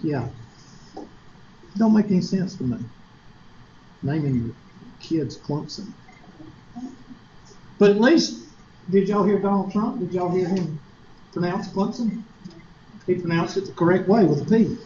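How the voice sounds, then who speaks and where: A man's voice: sits high, animated, measured pace, long pauses, dark tone, dull audio, slight background noise. A man with a South Carolina Southern accent lecturing a math class, chatty and joking, asking the class rhetorical questions. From Upstate South Carolina, US. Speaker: college math teacher.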